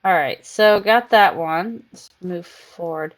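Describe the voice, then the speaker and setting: A woman's voice: on the low side, takes it slowly. Chatty woman streamer cooing at her cat. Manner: coos baby talk to her cat between game chatter. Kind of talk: casual live game-stream chat.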